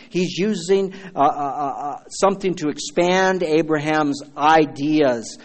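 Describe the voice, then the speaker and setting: A man's voice: on the high side, moderate pace, long reverb tail. A man preaching a sermon as pastor, fervent and emphatic, calling out to his congregation.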